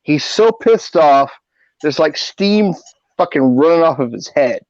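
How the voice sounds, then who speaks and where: A man's voice: fairly high pitch, animated, measured pace, no room sound. A middle-aged man hosting a podcast, telling rambling, profane anecdotes in a casual way. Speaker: podcast host. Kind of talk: casual storytelling. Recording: dull lo-fi audio.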